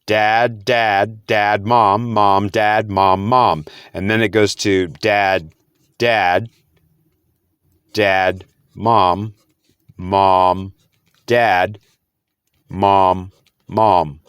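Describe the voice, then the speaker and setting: A man's voice: fairly low pitch, fairly even intonation, very slow, long pauses, a bit bright, clear, resonant tone, dry recording, studio quality. A man explaining spirit messages to camera. He repeats himself, sounds out words syllable by syllable, and breaks into incredulous outbursts. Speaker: spiritual speaker.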